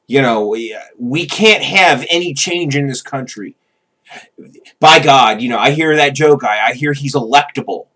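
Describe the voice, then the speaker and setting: A man's voice: mid-range voice, fairly bright tone, voice pushed up. A man doing a confused, bumbling old voter. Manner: bumbling, stammering, exclaiming. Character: confused, scared, old-timey male voter.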